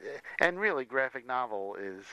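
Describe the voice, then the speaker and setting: A man's voice: medium pitch, animated, normal speed, clear, resonant tone, no echo, highs cut off. A man in a casual conversation, talking through comics history in a rambling way with many restarts.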